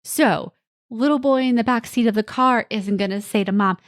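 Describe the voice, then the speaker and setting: A woman with a fairly high voice and moderate pace hosts a solo parenting podcast, coaching in a reassuring, direct manner. She occasionally acts out what kids and parents say, and the sound is clean studio quality without room echo.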